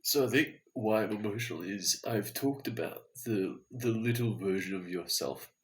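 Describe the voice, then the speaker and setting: Tired low-voiced man, introspective. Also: normal speed. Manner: earnest, introspective self-talk. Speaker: vlogger. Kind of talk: late-night confessional video diary.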